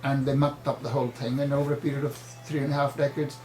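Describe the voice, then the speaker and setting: An older man answering interview questions firmly and insistently, often halting mid-sentence. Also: medium pitch, level tone, a little mellow, reverberant, faint music behind, low-quality recording. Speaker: party chairman, interview guest.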